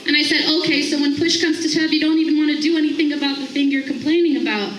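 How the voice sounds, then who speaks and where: She speaks in a high, bright voice, animated as she tells a personal story to a group. She acts out each person's lines as she goes. The sound is roomy, picked up from across an echoey room. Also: fast, recorded from a distance, faint music behind. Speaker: staff member sharing a morning thought.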